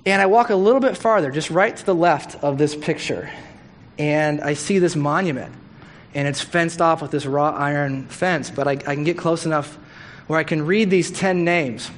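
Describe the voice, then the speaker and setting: A middle-aged man giving a sermon, telling a story in a casual, animated way and acting out the quotes. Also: a little high, moderate pace, a little hiss or hum.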